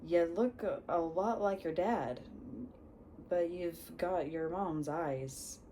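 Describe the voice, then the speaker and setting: A woman reading aloud and voicing a huge, gruff bearded male giant with blunt, rustic speech and a tried-for West Country English accent. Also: on the low side, slow pace, dark tone, a little hiss or hum. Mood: gruff, friendly. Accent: attempted West Country English. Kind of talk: storybook read-aloud.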